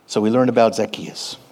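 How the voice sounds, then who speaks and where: A man preaching a sermon in a church, animated, swinging between quiet and loud and calling on the congregation. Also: lowish voice, slightly rough. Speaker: pastor. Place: church sanctuary.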